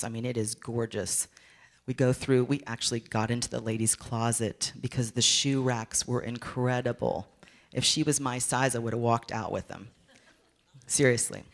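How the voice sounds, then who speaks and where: A woman giving a candid, playful motivational talk, telling a story and acting out her own inner voice. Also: very deep voice. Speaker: motivational speaker.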